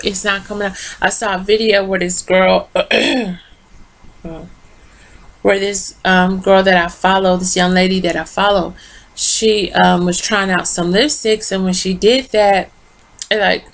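A woman's voice: medium pitch, fairly even intonation, measured pace, vocal fry. A tired woman rambling through a casual lipstick review into her phone, talking straight to her viewers. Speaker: beauty vlogger.

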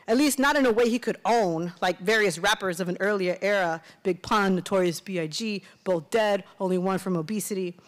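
A woman from Miami, an author reading her own fiction aloud in a steady, conversational way. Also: mid-range voice. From Miami, USA.

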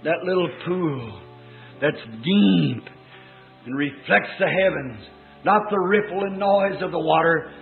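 A man preaching a fervent sermon, swinging from quiet, low passages to sudden shouts. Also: measured pace, gravelly, soft background music. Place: church meeting. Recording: lo-fi old phone-like recording in an echoey hall.

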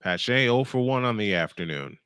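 Man in his 50s, fan play-by-play announcer, goofy, self-correcting, dry close sound, middle pitch. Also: animated, normal speed, fairly bright tone, clear, resonant tone, no room sound. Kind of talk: live fan play-by-play commentary.

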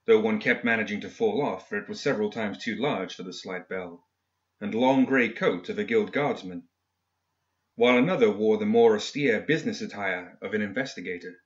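A man narrating a dark fiction story in a measured, even scripted reading. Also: on the low side. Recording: dull lo-fi audio.

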